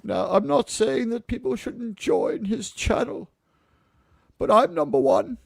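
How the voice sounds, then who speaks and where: A pompous upper-class British gentleman drawls with lofty self-importance, put on by a man. The sound is dry and close, with no room around it. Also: very high-pitched, animated, unhurried, vocal fry, dry recording, pitched above the performer's own voice, exaggerated voice.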